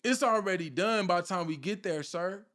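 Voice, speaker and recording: High-voiced fervent man preaching. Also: normal speed, fairly bright tone. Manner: fervent, fires rhetorical questions at listeners; repeats a catchphrase question for emphasis. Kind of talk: informal sermon.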